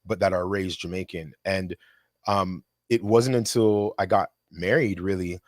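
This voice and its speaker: The clip is dry and studio-clean, capturing a young adult man's low voice. He's a filmmaker guest in a relaxed conversation, musing and storytelling with energy and rapid-fire impressions.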